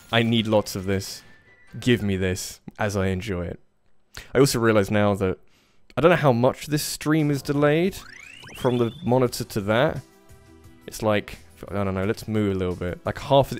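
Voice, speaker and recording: A man's voice: on the low side, normal speed. A young man streaming a fighting game, chatting casually about moving house and swearing at his opponents. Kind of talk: casual gaming commentary. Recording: faint game music behind.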